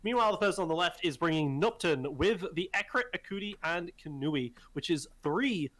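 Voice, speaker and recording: A man co-commentating a live tournament match, calmly breaking down each team's strategy. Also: on the high side, brisk. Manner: analytical, explains team strategy. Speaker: game co-commentator.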